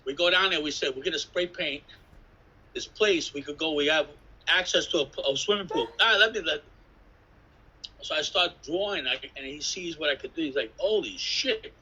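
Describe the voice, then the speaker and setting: A man telling rambling, animated stories in a casual interview, acting out voices and swearing. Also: on the high side, normal speed, husky, poor audio. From New York City. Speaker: interviewee, graffiti artist.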